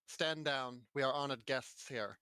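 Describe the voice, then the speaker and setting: A man's voice: medium pitch, measured pace, pushed and bright, clean tone, dry recording. A man voicing a bluffing adventurer posing as a god. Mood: grand bluff. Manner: grand, bluffing declarations. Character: bold female adventurer posing as a temple god.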